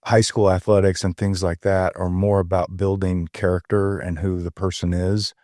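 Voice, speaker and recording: An older man talks in a deep, mellow voice. He tells stories earnestly and folksily, pausing on ums. The sound is dry and close. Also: flat delivery, no echo. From Tennessee. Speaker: guest. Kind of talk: casual storytelling interview.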